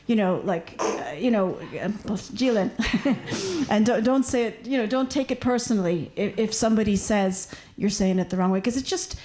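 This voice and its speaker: A woman from Washington D.C. speaking on a panel discussion, chatty and animated with lots of asides. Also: medium pitch, normal speed, hardly any pauses. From United States, Washington D.C.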